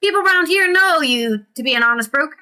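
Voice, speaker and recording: Girl reading as a defiant armored rebel lady, bright voice, kinda high. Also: animated, fast, heavily acted. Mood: indignant. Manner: read aloud from game text, raised pitch.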